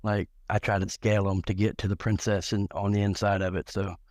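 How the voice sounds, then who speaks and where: A man's voice: lowish voice, flat delivery, fairly quick, darkish tone, dry recording, studio quality. A middle-aged man telling crude, joking stories on a live talk show, rambling along with many restarts and repeated words.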